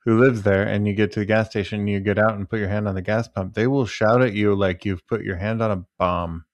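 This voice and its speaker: A man hosting a podcast who chats casually, tells animated stories and jokes, and leads the segments. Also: on the low side, fairly quick, no room sound, lo-fi sound. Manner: animated storyteller, doing voices, joking. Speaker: podcast host. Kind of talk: casual chat.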